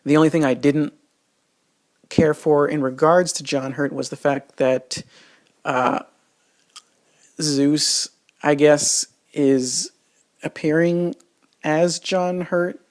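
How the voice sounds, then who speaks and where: A man's voice: fairly high pitch, steady tone, slow pace, long pauses. A man giving a casual, rambling spoken film review, full of restarts and fillers and exasperated asides.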